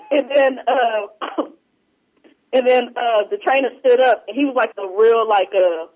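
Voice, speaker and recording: High-pitched guy rambling about old movies, muffled lo-fi sound. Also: slow pace. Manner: rambling, animated retelling of movie scenes. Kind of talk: casual chat. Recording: muffled lo-fi audio.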